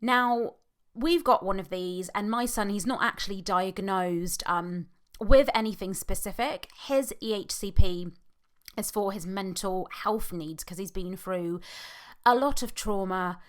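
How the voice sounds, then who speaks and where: A British woman in her thirties hosting her own podcast, talking in a halting, emotional way and close to tears. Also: medium pitch. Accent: British English. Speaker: podcast host; hypnotherapist. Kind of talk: personal podcast monologue.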